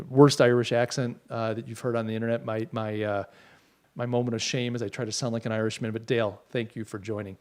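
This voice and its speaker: A man's voice: medium pitch, quick pace. A middle-aged man hosting a podcast, rambling through opinions and reading out viewer comments in casual livestream talk. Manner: opinionated, rambling, many restarts. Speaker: podcast host.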